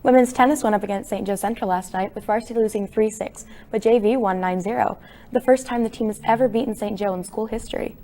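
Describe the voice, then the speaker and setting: Brisk teen girl news anchor. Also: medium pitch, warm tone. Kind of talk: scripted news reading.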